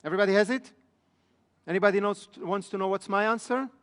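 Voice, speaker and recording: High-voiced male trainer in an echoey hall. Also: quick pace, fairly bright tone. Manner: asks the room frequent check questions. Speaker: business trainer. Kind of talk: live seminar lecture. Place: training room in front of an audience.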